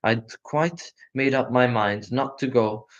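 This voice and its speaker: A man voicing a careful, brave boy in a storybook, speaking earnestly in a raised boyish pitch. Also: slow pace, close to an everyday voice. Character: cautious, brave older brother, a boy. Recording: muffled lo-fi recording.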